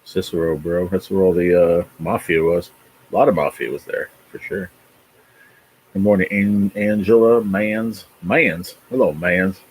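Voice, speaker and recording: A man's voice: sits low, moderate pace, breathy edge, low-quality recording. A man in his forties from New Jersey, hosting a rambling, profane livestream chat with viewers. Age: 40s. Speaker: livestream host. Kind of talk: casual chat reading viewer comments.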